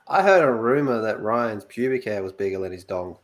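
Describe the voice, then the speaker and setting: A man hosting a casual podcast, joking crudely with loud laughs. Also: fairly low pitch, sing-song, normal speed. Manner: laughs loudly, crude banter. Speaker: podcast host.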